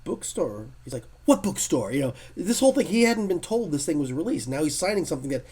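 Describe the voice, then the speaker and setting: A man, a comic artist being interviewed, telling stories in a casual, animated way and acting out what others said. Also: on the high side, quick pace, breathy edge. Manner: animated storyteller who acts out quotes.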